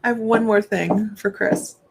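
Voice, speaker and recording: A woman's voice: mid-range voice, steady tone, normal speed, gravelly, background noise. A woman working as a psychic medium, giving a rambling, chatty live reading and talking straight to her viewers.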